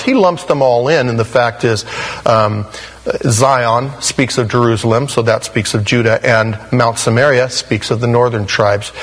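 A male pastor teaching through a Bible passage in a conversational way, acting out quoted voices with sudden jumps in pitch. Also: a bit bright. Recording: long hall reverb.

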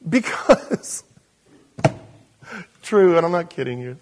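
A man preaching a sermon in an animated, self-deprecating way, chuckling and acting out voices when he quotes people. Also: fairly high pitch, takes it slowly. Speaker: pastor.

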